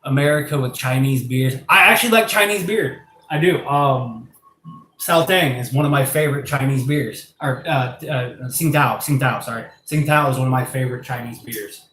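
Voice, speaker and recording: A man hosting a casual live stream, rambling and excitable, laughing and swearing as he talks. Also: mid-range voice, moderate pace, slight background noise. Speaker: live-stream host showing his pet invertebrates. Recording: echoey room with faint ambience.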